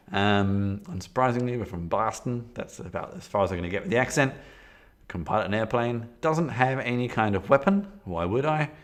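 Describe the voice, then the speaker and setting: A man casually thinking aloud as he sets up a solo tabletop game on a stream, rambling with frequent fillers and restarts. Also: mid-range voice. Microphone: desktop setup with camera.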